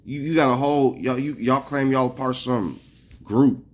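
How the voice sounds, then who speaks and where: A man mid-rant, talking to his viewers in a heated, cursing flow. His voice sits at an ordinary middle pitch, and he rambles and trips over his own restarts as he pushes his point. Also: normal speed. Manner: angry, profane, heated. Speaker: vlogger. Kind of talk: casual ranting monologue to viewers.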